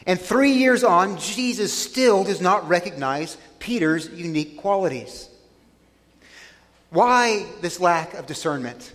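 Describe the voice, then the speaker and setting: A man preaching a sermon in a deliberate way, with dry irony. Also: sits high, lively intonation, fairly bright tone. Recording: long reverb of a large hall.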